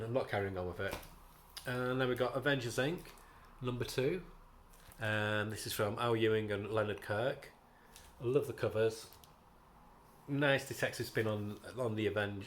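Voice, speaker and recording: A man's voice: on the low side, a little hiss or hum. Chatty British man reviewing comics. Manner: chatty and rambling, with frequent ums and restarts. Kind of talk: casual review vlog.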